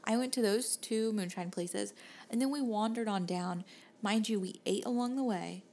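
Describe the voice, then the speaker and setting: A woman's voice: mid-range voice, normal speed, darkish tone. A young woman with a Southern US accent, co-hosting a podcast and telling stories in casual, rambling chat. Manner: rambling storyteller, laughs easily. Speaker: podcast co-host.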